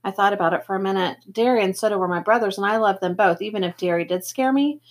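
A woman's voice: mid-range voice, fast talker. A woman reading a novel aloud, steadily telling the story in first person. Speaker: reader.

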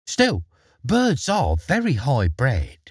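A prim, flattering old field mouse lady from a storybook, gushing over her rich neighbour in a voice lifted well above a man's usual range, as a man reads her part. The tone is husky and slightly distant, with a dry, close sound. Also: mid-range voice, slow pace, dry recording, pitched above the performer's own voice, full character voice. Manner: gushing, sly asides.

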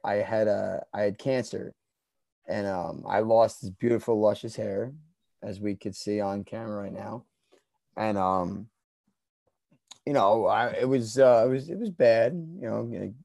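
A young man telling a story in a loose, profane way, mumbling at times and then breaking into shouts. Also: lowish voice, vocal fry, no room sound. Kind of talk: casual storytelling.

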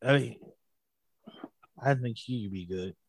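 A man in casual conversation as a podcast co-host, animated and opinionated, laughing often. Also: mid-range voice, slow pace, vocal fry, breathy edge, no room sound. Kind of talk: casual chat.

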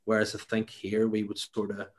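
Rambling Northern Irish man, low voice. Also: completely flat delivery, normal speed. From Northern Ireland. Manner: rambling, many restarts and "you know"s. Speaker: stand-up comedian, guest. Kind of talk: casual interview chat.

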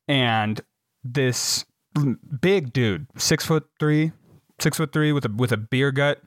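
A young man tells a rambling, self-deprecating story in a casual chat. His voice sits in a middle pitch and is recorded dry and close to the mic. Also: slow, no echo. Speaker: podcast co-host, storyteller.

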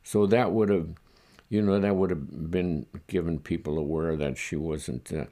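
An older man from the United States, reflecting in a halting, chuckling way during an oral history interview. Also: low voice, fairly even intonation, mellow. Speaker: interviewee recalling his childhood.

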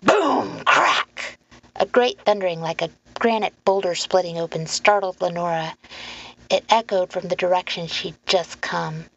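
A woman reading a children's story aloud in a calm, even narration. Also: lowish voice, moderate pace. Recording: muffled lo-fi recording, faint hum.

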